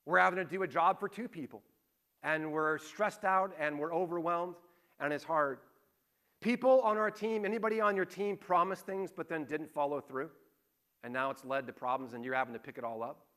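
A man's voice: fairly high pitch, normal speed, fairly bright tone. A middle-aged man preaching a conversational sermon, asking rhetorical questions and telling anecdotes. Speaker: pastor.

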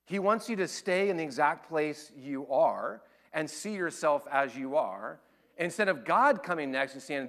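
Male pastor, sermon delivery, animated storyteller with quiet earnest stretches, slightly raised pitch. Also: unhurried. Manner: animated, shifts between loud excited retellings and quiet earnest appeals.

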